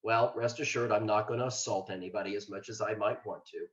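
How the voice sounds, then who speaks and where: A man's voice: lowish voice, steady tone, fairly quick. An older man from Ohio, a retired state trooper, giving a plainspoken, earnest talk on self-care with self-deprecating asides. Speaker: mental health liaison, former state trooper. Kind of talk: webinar presentation. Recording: roomy, dull lo-fi sound.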